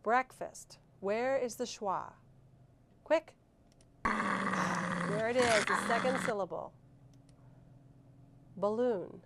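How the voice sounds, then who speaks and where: A woman teacher leading a recorded reading lesson, saying each word clearly and deliberately for young students. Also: medium pitch, a bit bright, slight background noise. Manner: clear, slow, deliberate teacher talk with drawn-out words.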